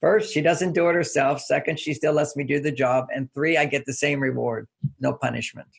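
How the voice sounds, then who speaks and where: An older man, a relationship author, explaining ideas in an interview with relaxed anecdotes and repeated key phrases. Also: medium pitch, fairly quick, creaky, husky.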